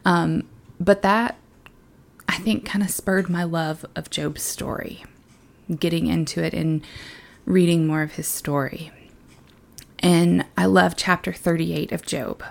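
A woman's voice: on the low side, fairly even intonation, slow, gravelly, pauses often. A young woman who works in children's ministry, giving an earnest, conversational devotional talk.

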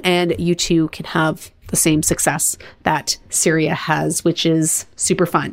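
A woman hosting her own podcast, talking casually in a blunt, chatty, upbeat way with rambling asides. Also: medium pitch. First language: bilingual, English and French. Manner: blunt and to the point. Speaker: podcast host and business coach.

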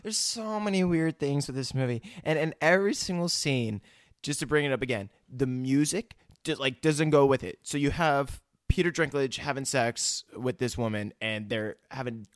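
A man's voice: medium pitch, normal speed, dry recording, clean studio sound. A man co-hosting a casual movie recap, laid-back and swearing, agreeing and adding comments.

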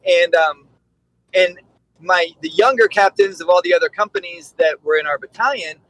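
A middle-aged man with a notably high voice talks candidly and bluntly as a podcast guest. His speech is recorded close and dry, with no room echo around it. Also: normal speed, fairly bright tone. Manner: candid, blunt, acts out quotes. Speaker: podcast guest, dog trainer. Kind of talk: casual storytelling.

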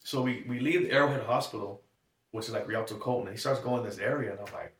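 A man's voice: mid-range voice, quick pace, fairly bright tone. A man giving a tearful, shaky personal testimony, acting out the dialogue in his story. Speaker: guest. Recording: echoey room, mic at a distance.

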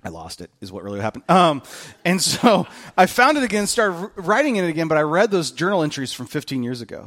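A man preaching a sermon as a pastor, animated and candid, with self-mocking humor and voices acted out in quotes. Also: on the high side, fast talker.

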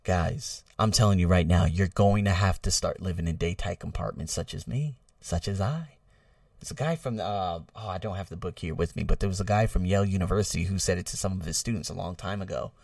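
A man talking casually to his viewers in a vlog. He jokes, swears freely and swings between loud bursts and quiet asides. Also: sits low, fairly quick, creaky, dry recording, recorded from a distance. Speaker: vlogger.

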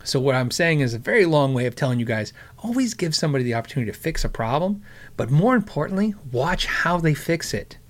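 A man's voice: a little high, big pitch swings, quick pace. A middle-aged man hosting a talk show, telling a long story in a rambling, sarcastic way, with many fillers and chuckles. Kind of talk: casual storytelling chat.

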